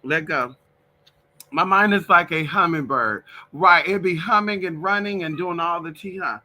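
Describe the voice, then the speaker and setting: A man's voice: a little high, normal speed, sharp tone, low-quality recording. A man chatting casually and playfully on a live stream, talking to his pets and his viewers. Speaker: vlogger doing a live stream.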